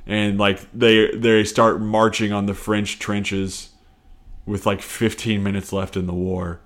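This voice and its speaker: Solo podcast host, man, lowish voice, rambling, swears, self-deprecating, laughs at himself. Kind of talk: casual solo comedy podcast.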